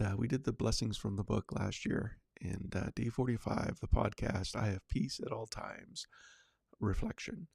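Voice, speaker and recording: A man's voice: mid-range voice, gravelly, a little mellow, breathy edge, no room sound. A male podcast host chatting casually on his own, rambling with lots of fillers and restarts. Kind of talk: casual solo livecast chat.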